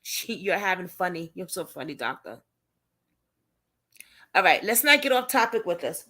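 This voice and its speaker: A woman's voice: lowish voice, moderate pace. A woman hosting a casual livestream, chatting with her viewers and reacting to what she reads. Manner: animated, chatty, talks straight to viewers. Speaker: livestream host and advocate.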